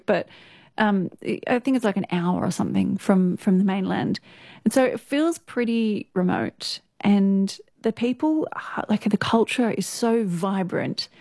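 A woman's voice: mid-range voice, normal speed, gravelly, mellow, no echo. Australian woman, young adult, chatty guest storyteller, close dry mic. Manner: chatty, laughs often, many fillers. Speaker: interview guest, news presenter. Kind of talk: casual storytelling interview.

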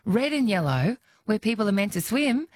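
A woman hosting a radio chat, easygoing and quick to laugh. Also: mid-range voice, very animated, slight background noise. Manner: chatty, laughs easily. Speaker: radio host.

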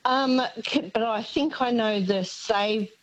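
A woman's voice: on the high side, slow pace, low-quality recording. A woman calling in to radio, hesitant with many fillers. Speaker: radio caller.

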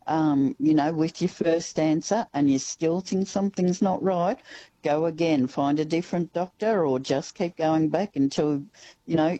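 A woman reporter talks through a radio interview in a relaxed, rambling way, with fillers in between. Her voice sits low and mellow, and it comes through a dull, lo-fi line with a dry sound. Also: dry recording. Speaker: regional newspaper reporter.

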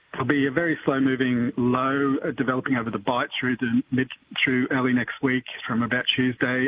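A man giving a weather forecast on radio, halting with many fillers and restarts. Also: medium pitch, a little hiss or hum. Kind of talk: radio weather briefing by phone. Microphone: phone. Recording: tinny phone line.

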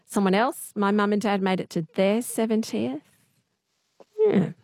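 A woman's voice: medium pitch, measured pace, creaky, a little mellow, no room sound. Woman, radio quiz host, chatty, dry studio sound. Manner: chatty, laughs easily. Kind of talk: casual talkback radio chat.

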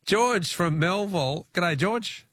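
A man with an Australian accent hosting a talkback radio quiz, chatty and quick with asides, laughing easily with callers. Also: high voice, animated, fairly bright tone, no room sound.

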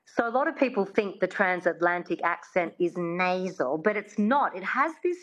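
A woman coaching an accent on air, her pitch swinging up and down as she explains. She models each word slowly and patiently. The sound is a little dull and lo-fi. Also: animated. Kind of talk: radio accent lesson.

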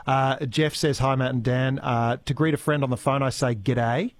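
A man's voice: medium pitch, fairly even intonation, normal speed, no echo. An Australian man hosting a regional radio morning show, talking casually with lots of fillers and restarts, reading out listener texts. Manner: chatty, stumbling restarts and fillers. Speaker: radio host. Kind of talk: live radio chat and links. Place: radio studio. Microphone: studio microphone.

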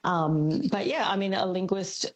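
An Australian woman speaking as a linguist on a radio talk show, thoughtful and hesitant with many pauses and ums. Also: on the low side, fairly even intonation. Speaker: linguist guest. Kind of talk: radio interview.

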